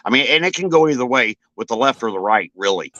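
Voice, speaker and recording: A man's voice: medium pitch, animated, fast talker, sharp tone, no room sound, dull audio. A man giving his opinions on a live stream in a hesitant way, with lots of "uh" fillers. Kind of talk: casual chat.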